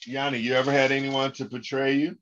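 A man's voice: medium pitch, level tone, fairly bright tone. A male pastor teaching a Bible class. He goes over scripture phrases again and again and leads the students in repeating them. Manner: unhurried, halting delivery with restarts. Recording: dull lo-fi recording.

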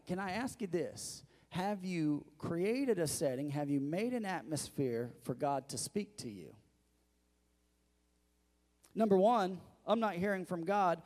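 A man's voice: sits high, darkish tone, big-room sound. A male pastor preaching a sermon, asking the congregation questions and calling for their responses.

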